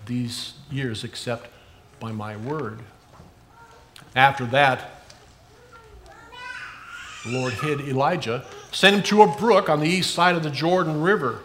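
A man preaching a sermon in an earnest way, rising for emphasis and dropping soft at the ends of phrases. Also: medium pitch, a little slow, long pauses, a little hiss or hum.

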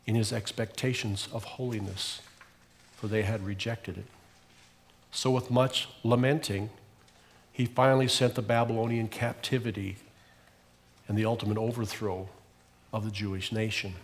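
Male pastor, church sermon, swells and falls, story-led. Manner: storytelling preacher, swelling louder on key phrases and dropping low at ends.

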